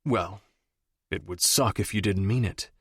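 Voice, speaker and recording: A man's voice: fairly low pitch, a little slow, breathy edge, dry recording, studio quality. A man as a blunt, swearing rich lover. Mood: tender. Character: wealthy man, frustrated then tender lover. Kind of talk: audiobook dialogue.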